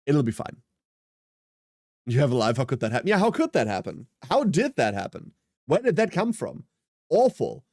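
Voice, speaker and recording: A man's voice: mid-range voice, big pitch swings, moderate pace, long pauses, a little mellow, no echo, studio quality. A man in his thirties streaming a game, chatting casually and rambling with self-mocking humour as he answers chat. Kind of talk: casual live-stream chat while gaming.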